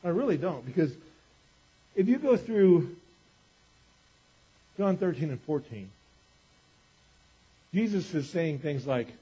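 A male pastor preaching with a husky, fairly high voice. He talks to the congregation in a lively, conversational way and slips into acted-out quotes. The recording sounds dull and lo-fi. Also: slow, long pauses. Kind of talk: sermon.

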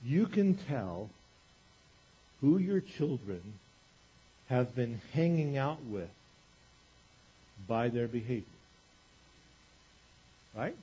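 A man preaching a sermon in an animated, conversational way, acting out quotes as he goes. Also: medium pitch, very slow, long pauses, slightly rough. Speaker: pastor. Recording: dull lo-fi recording.

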